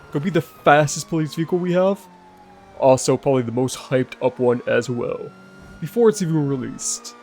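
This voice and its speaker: A man's voice: fairly high pitch, darkish tone. A man giving casual gameplay commentary over footage as a gaming YouTuber, talking straight to his viewers in a chatty way.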